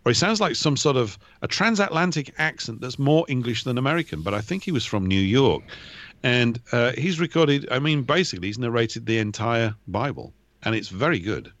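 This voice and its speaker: A man talking as a regular guest on a radio show in a casual, fast, rambling way, calling in over a remote line. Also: medium pitch, dry recording. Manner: fast, rambling, animated talker. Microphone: remote call line.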